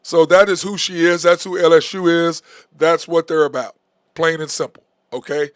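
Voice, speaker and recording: Blunt, animated man hosting sports talk. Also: on the high side, normal speed, no room sound. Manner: blunt, animated, says "okay?" and "bro" a lot. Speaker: sports talk show host.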